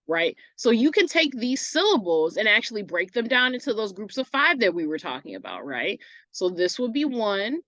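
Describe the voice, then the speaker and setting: A woman's voice: mid-range voice, fairly bright tone, no echo, lo-fi sound. A woman teacher giving a recorded online English lesson, casual and self-correcting, often asking "right?" as she goes.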